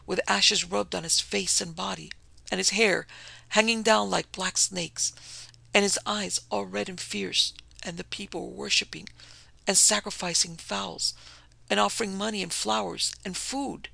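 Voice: medium pitch, fairly even intonation, a little slow, gravelly, sharp tone, no echo, exaggerated voice, rough recording. A reader voicing a frightened missionary woman. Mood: earnest, hushed. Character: frightened woman missionary recounting her ordeal. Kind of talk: audiobook reading.

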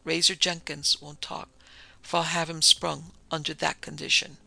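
A man's voice: a little high, flat delivery, normal speed, vocal fry, bright, forceful tone, dry recording, exaggerated voice. A man reading a hard, stern detective. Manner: terse, clipped and stern. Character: hard, cold male detective who hates criminals.

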